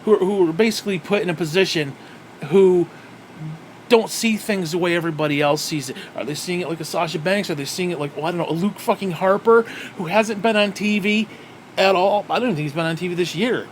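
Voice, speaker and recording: Sighing frequently, this wrestling reviewer rants alone with plenty of profanity and exasperation. He talks fairly quickly in a high-sitting voice over a slight hiss or hum.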